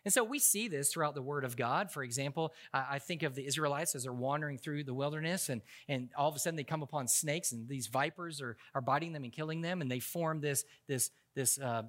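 A male pastor preaches in a high-pitched voice with a bright, forceful tone, moving briskly with few pauses. His sermon is humorous and conversational, and he often stumbles and restarts mid-sentence while telling stories.

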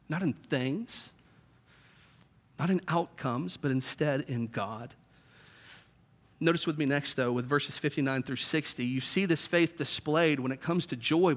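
A man in his thirties preaching a sermon in a conversational way, acting out the voices he quotes. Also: mid-range voice. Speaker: pastor.

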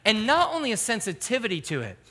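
A man's voice: high voice, wildly swooping pitch, fast, sharp tone. A middle-aged man, a pastor, giving an earnest, emphatic sermon.

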